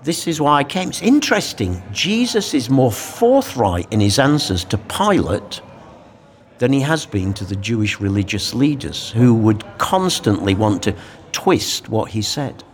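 A man in a conversational discussion of a Bible passage, speaking in a reflective, animated way. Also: lowish voice, measured pace. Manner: reflective, animated, acts out quoted lines.

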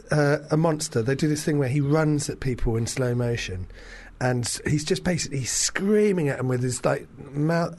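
A man's voice: a little high, darkish tone. A man co-hosting a casual radio show, rambling with lots of fillers, restarts and casual swearing.

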